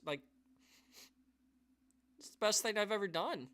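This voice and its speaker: This YouTube host's voice sits high and sharp, with lively intonation and an unhurried pace. Addressing his live-stream audience, he rambles earnestly and emotionally, often restarting and sighing.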